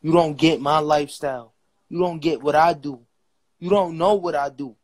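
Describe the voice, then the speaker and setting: A man's voice: on the high side, moderate pace, no echo, low-quality recording. A young man hosting a livestream, arguing heatedly and pleading, repeating himself. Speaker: livestream host. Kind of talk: livestream argument.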